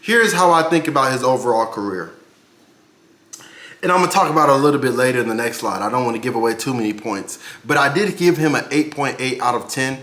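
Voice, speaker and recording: A man's voice: mid-range voice, lively intonation, quick pace, a bit bright, reverberant. A man giving casual boxing commentary for his channel, brash and profane, ranting with big swings in his voice.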